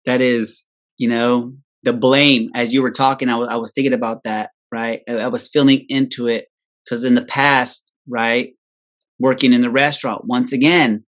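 A man talks at an everyday middle pitch, swapping stories on a podcast. His delivery is loose and rambling, full of profanity and self-amused laughter. He checks in with his listener constantly by asking "right?". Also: level tone, normal speed, a bit bright. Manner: rambling, tags nearly every sentence with "right?"; swears freely and laughs at his own story. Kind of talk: casual storytelling chat.

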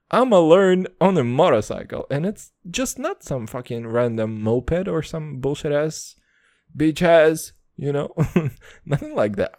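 A man's voice: on the high side, a little mellow, dry recording, studio quality. A young man hosting a podcast, talking in a brash, profane, self-mocking comedic monologue. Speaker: podcast host.

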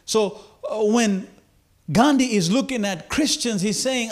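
A man preaching a sermon, slow and emphatic, building repeated phrases to a climax. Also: high-pitched. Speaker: pastor.

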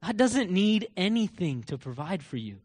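High, animated preaching man. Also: moderate pace. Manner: swings from loud emphatic preaching to low quiet asides; acts out quoted voices and scripture with rising intensity. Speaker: pastor. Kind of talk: sermon.

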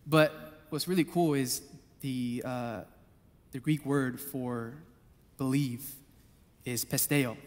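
A man preaching a sermon, passionate, moving between loud appeals and hushed storytelling. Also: on the high side, a little slow. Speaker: pastor. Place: church hall. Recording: long hall reverb.

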